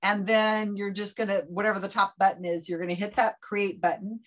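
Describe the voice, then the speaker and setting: A woman's voice: mid-range voice, steady tone, fairly quick, a bit bright. A woman who organizes a trivia night, chatting casually on a video call, laughing and walking others through setup steps. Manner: chatty, laughing, gives step-by-step instructions. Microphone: computer mic on a video call.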